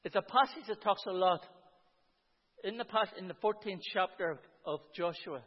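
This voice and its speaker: High-voiced preacher in a reverberant hall. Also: male voice, normal speed, breathy edge. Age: 50s. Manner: earnest, repeats "and you know, friends". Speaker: preacher giving testimony. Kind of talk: sermon testimony. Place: church hall with about 150 people. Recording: reverberant hall, dull lo-fi sound.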